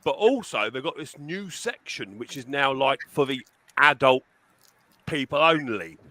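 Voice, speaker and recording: A man's voice: medium pitch, expressive, a little slow, bright, forceful tone, no room sound. A man trading cheeky, teasing banter in a casual livestream chat.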